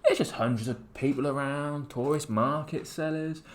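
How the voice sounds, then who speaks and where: A man from England telling a rambling, animated travel story in casual podcast chat, with many restarts. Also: on the high side, moderate pace. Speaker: podcast co-host.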